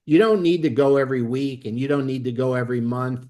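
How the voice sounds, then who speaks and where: A man's voice: medium pitch, fast talker. A man leading a network marketing training, speaking emphatically and often checking in with "okay?". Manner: emphatic, peppers lines with "okay?"; excitable, bursts of laughter. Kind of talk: motivational training talk.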